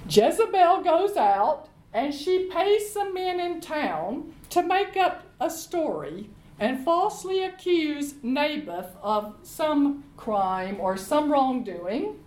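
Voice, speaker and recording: Slow, lively woman preacher. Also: high voice, echoey room, rough recording. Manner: lively storytelling, acting out quotes. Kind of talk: sermon storytelling.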